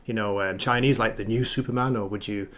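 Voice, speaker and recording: A man's voice: lowish voice, steady tone, fast, crowd noise. An Englishman co-hosting a podcast in casual chat, dropping in British slang as he talks. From England. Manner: chatty, drops in British slang. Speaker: podcast co-host.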